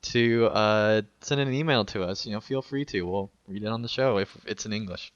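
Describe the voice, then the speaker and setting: A man co-hosting a gaming podcast, upbeat and quick to laugh. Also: fairly low pitch, dry recording, lo-fi sound. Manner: upbeat, laughs often, says "awesome" a lot. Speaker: podcast co-host. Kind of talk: casual podcast chat.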